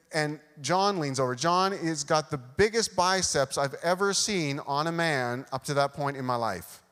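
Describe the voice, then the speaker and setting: Male pastor, mid pitch, animated self-deprecating storyteller, long church reverb. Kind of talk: sermon with personal storytelling. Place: church sanctuary.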